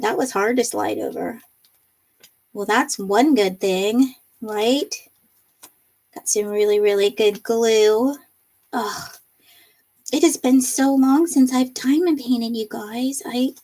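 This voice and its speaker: A bubbly woman hosts a live crafting stream from her home craft room, chatting and reading viewer comments aloud while laughing often. Her voice is on the high side and a little mellow.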